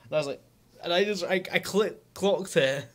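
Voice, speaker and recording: A man's voice: sits high, normal speed, a bit bright. A man with a Scottish accent talking casually in a diary vlog, rambling with lots of fillers and swearing, mocking himself. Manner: self-mocking with chuckles. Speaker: vlogger.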